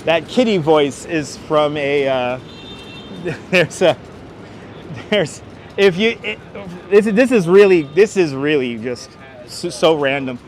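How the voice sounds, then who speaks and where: Man, slightly high voice, chatty walking-tour streamer talking to viewers, outdoor street, faint traffic behind. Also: expressive, slow. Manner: chatty, answers viewers by name, gives street history. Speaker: livestream host and city walking guide. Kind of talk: casual walking tour livestream. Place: outdoors on busy city streets. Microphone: wireless clip-on mic.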